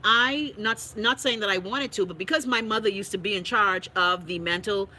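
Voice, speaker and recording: A Bahamian woman hosting a livestream, chatting casually and reading viewer comments in a blunt, profane, animated way. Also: medium pitch, moderate pace, slight background noise, rough recording. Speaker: livestream host.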